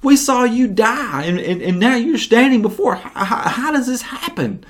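A man's voice: very high-pitched, moderate pace, pitched above the performer's own voice. A man voicing a frightened group of men who cannot believe what they see. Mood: astonished. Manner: excited, incredulous. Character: startled, disbelieving group of men.

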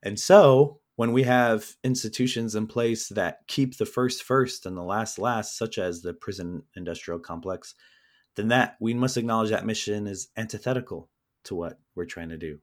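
A man with a fairly low voice answers interview questions. He speaks earnestly, in a measured and reflective way, as a guest talking about his book. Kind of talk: conversational interview.

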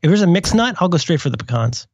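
A man's voice: fairly high pitch, big pitch swings, fast talker, dry recording. Male podcast host, wry, musing, casual; dry, slightly dull recording. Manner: musing, self-correcting, wry. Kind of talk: casual chat.

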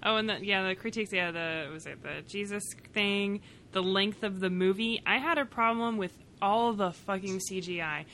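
A woman's voice: medium pitch, moderate pace, a bit bright, slight background noise. A woman co-hosting a casual podcast chat, blunt and swearing, sitting a bit far from the mic. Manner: blunt, swearing, laughs often. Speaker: podcast co-host. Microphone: too far from the mic.

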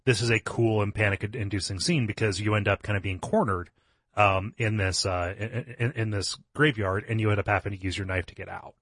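A man's voice: on the low side, steady tone, a little fast, a bit bright, dry recording, clean studio sound. A man co-hosting a podcast, analysing a video game's story in casual talk, often repeating words as he thinks. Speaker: podcast co-host. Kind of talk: casual video game discussion.

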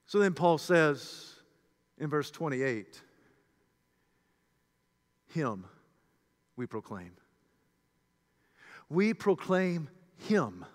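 A man preaching a sermon with passion, swinging from shouted peaks to hushed low passages. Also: lively intonation, drawn-out words, pauses often, long reverb tail.

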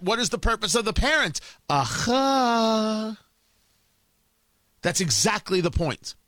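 A man's voice: high voice, pushed and bright, dry recording. A man hosting a political commentary show, delivering an emphatic, combative opinion monologue full of rhetorical questions.

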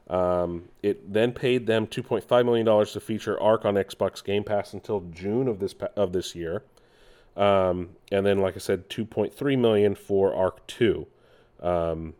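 A man's voice: fairly low pitch, a little mellow. A man casually hosting gaming news, rambling with many fillers and restarts. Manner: rambling, with frequent fillers and self-corrections.

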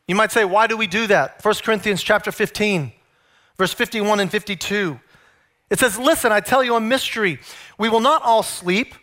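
Bright-voiced, high-pitched male preacher. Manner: emphatic, with rhetorical questions to the congregation. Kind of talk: sermon.

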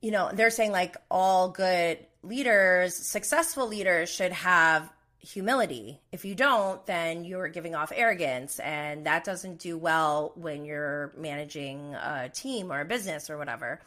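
Woman host for a casual live recap: bright, chatty, opinionated, mimics the people she quotes. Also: lowish voice, a little slow, hardly any pauses.

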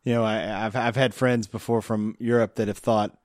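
A man's voice: lowish voice, little pitch movement, normal speed, darkish tone, dry recording, studio quality. A man hosting a podcast, from Tennessee, chatting in a rambling, jokey way and tripping over his words. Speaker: podcast host. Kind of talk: casual chat.

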